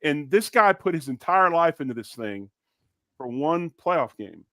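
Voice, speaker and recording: A man's voice: a little high, expressive, a little slow, sharp tone, dry recording, clean studio sound. A man co-hosting a sports podcast, talking in a passionate, emphatic way and repeating words when he gets fired up. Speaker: podcast co-host. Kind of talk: casual sports talk.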